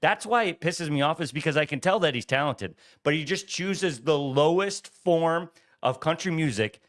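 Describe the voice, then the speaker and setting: A man's voice: fairly high pitch, animated, normal speed, a bit bright. A man co-hosting a casual podcast chat, opinionated and ranting with emphatic stress. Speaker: podcast co-host.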